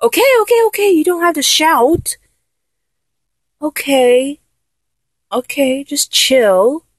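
A woman's voice: a little high, lively intonation, slow pace, dry recording. A woman playing a flustered young lover who keeps trying and failing to act dominant, in a comedic audio role-play, talking in an exasperated, self-correcting way.

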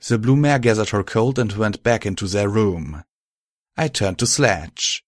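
A man reading fan fiction aloud as an audiobook narrator in a steady storytelling manner. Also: on the low side, a little slow, no room sound, studio quality.

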